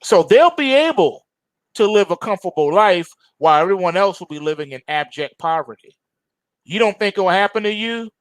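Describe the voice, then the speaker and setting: A man's voice: high voice, fairly bright tone, no room sound. A man hosting a trading show, delivering an urgent lecturing warning to viewers with mocking rhetorical asides. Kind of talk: warning monologue.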